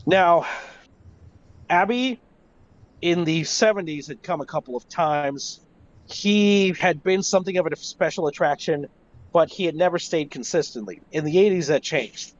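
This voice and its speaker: A man, a wrestling historian, telling stories in a casual interview, animated and swearing freely. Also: on the high side, a little slow. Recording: lo-fi voice chat.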